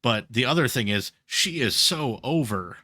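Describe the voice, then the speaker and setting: A man co-hosting a podcast, chatting casually and telling stories in an animated way. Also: medium pitch, moderate pace, slightly rough, no echo, studio quality. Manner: animated storytelling, recapping wrestling events. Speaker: podcast co-host. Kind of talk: casual chat.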